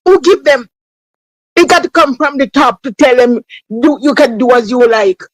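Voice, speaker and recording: A woman's voice: sits high, normal speed, no echo, low-quality recording. Emphatic Jamaican woman caller, dry sound. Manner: emphatic, exclaiming, calls on God. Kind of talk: call-in radio talk.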